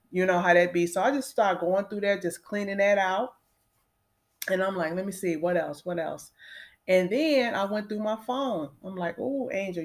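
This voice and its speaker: A woman in her fifties chatting casually to her viewers, addressing them directly and using lots of fillers. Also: mid-range voice. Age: 50s. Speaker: vlogger.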